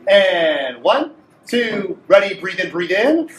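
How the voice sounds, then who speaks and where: Man, very high voice, playful clarinet teacher, coaching a class, echoey room, distant mic. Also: big pitch swings, slow, a bit bright, a little hiss or hum. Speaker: music teacher. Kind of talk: group clarinet lesson.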